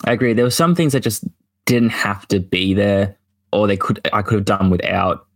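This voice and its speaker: A man chatting casually on a podcast, laid-back, blunt and quick to laugh. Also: lowish voice. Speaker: podcast co-host. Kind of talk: casual chat.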